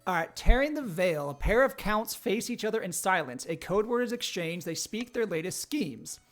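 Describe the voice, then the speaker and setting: A man's voice: sits high, lively intonation, moderate pace, soft background music. A man hosting a live-streamed role-play game, reading out the story and joking with the players. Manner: upbeat, jokey, laughs often. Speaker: game host and narrator.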